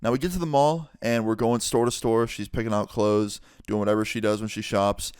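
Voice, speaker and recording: A man's voice: lowish voice, fairly quick, clear, resonant tone, dry recording, clean studio sound. Casual profane young man telling a story. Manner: casual, profane, animated retelling. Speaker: vlogger. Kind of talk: storytime vlog.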